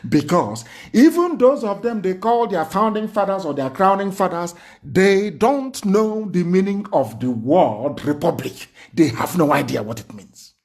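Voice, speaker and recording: A man's voice: high-pitched, sing-song, unhurried, darkish tone. A man giving an impassioned, indignant livestreamed speech full of rhetorical questions. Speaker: political speaker.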